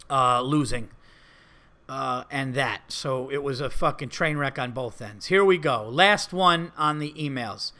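A man's voice: on the high side, sharp tone. A man hosting a comedy podcast, ranting emphatically with heavy profanity. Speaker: podcast host.

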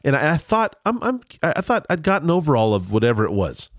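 A man's voice: on the high side, big pitch swings, fast talker, dry recording, studio quality. A middle-aged man telling a rambling story in casual chat, full of restarts and asides.

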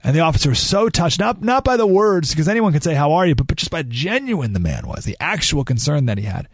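Male talk-radio host, fairly high voice, opinionated and emphatic, lots of restarts, studio mic. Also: sing-song, a little fast, husky, no echo. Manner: ranting, emphatic, with restarts and asides. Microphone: studio microphone.

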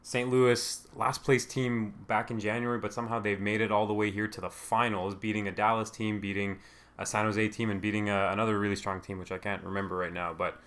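A man's voice: on the low side, level tone, a little fast, fairly bright tone. A man co-hosting a hockey podcast in casual, joking banter with his friend. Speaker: podcast co-host. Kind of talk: casual chat.

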